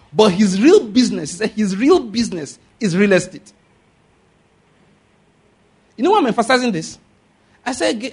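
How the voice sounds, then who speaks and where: A man preaches a lively sermon. His voice sits fairly high and has a husky edge. He keeps checking in with the congregation, asking for amens and whether they get his point. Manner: animated preaching with call-and-response questions. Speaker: pastor.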